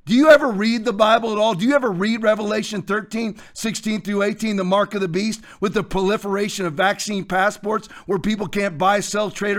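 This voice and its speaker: A man hosting a show, preaching commentary in a forceful, hectoring way with repeated phrases. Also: high-pitched. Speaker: host.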